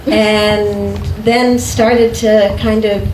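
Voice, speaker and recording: A woman recounts a personal story at a slow, easy pace, taking her time between phrases. She laughs easily as she talks. The room around her is echoey, with a faint hiss behind. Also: medium pitch, level tone. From United States. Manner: unhurried, often breaking into laughter. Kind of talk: storytelling in conversation.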